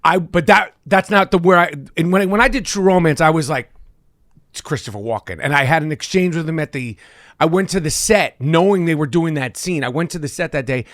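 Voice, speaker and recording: A man in his fifties, a podcast guest, talking in an excitable, profane, rambling way. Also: on the high side, fairly quick, no echo, clean studio sound. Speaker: guest actor. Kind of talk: casual chat.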